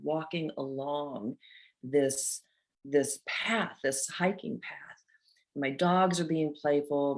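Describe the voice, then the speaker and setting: A woman's voice: low voice, darkish tone. A middle-aged woman hosting a motivational talk, telling a personal story in an earnest, heartfelt way. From North Georgia, USA. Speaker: host.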